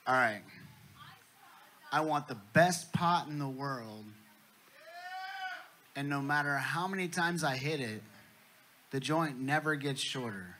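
A man voicing a laid-back male stoner in a stand-up joke, drawing his words out slowly. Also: mid-range voice, animated, bright, forceful tone, a little hiss or hum. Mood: dazed.

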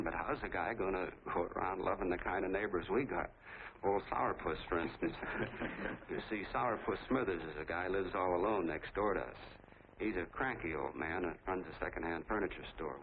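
An actor playing an eager, talkative small-town soda jerk with an American accent, telling a long rambling story in a folksy way. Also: male voice, deep voice. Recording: tinny lo-fi 1940s film soundtrack with faint hiss.

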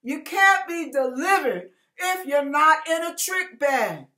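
A woman's voice: sits high, animated, takes it slowly, pushed and bright. A woman pastor reading scripture and preaching, confiding her own struggles with rising emotion. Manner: personal, confiding talk about her struggles.

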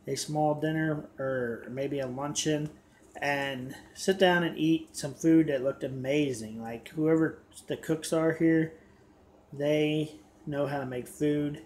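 A man's voice: on the high side, steady tone, takes it slowly, a little mellow, a little hiss or hum. An American man hosting a reaction video, talking casually and rambling, often stumbling and restarting his words. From United States.

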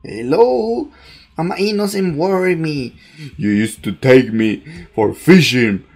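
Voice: mid-range voice, lively intonation, slow pace, a little mellow, pitched below the performer's own voice. A vengeful worm monster, as a gamer puts it on. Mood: menacing.

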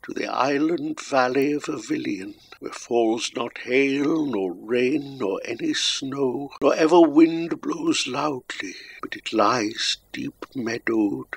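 A man's voice: mid-range voice, slow, creaky, hardly any pauses, slight background noise. A man voicing a dying old king bidding farewell, in a grave and sorrowful way.

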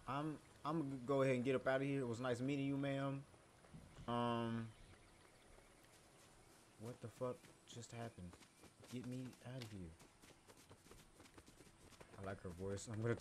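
A young man live-streaming a video game, talking to himself in a loose, joking way and swearing now and then. His pitch sits in the middle of the range, and loud game audio runs under his voice. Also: slight background noise. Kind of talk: casual live-stream commentary.

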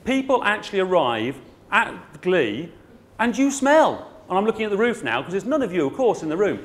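Man, middle-aged, blunt and joking on stage, lively higher voice. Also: normal speed. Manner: blunt, comic, puts on voices. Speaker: garden centre owner and speaker. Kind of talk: conference talk.

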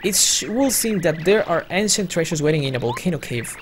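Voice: medium pitch, animated, fairly quick, a little hiss or hum, lightly acted. A player doing Kolorado, a pompous explorer. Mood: jaunty. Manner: plummy, old-fashioned phrasing. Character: pompous male explorer, upper-class and cheerful.

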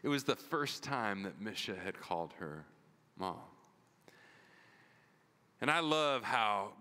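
In a church with long hall reverb, a male pastor with a lowish, bright, forceful voice preaches an earnest, conversational sermon. He retells a story full of repeats and "like"s.

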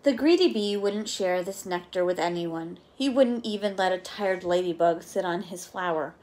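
A young adult woman reading a children's story aloud as a teacher, gentle and coaxing, often asking her listeners questions. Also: lowish voice, normal speed.

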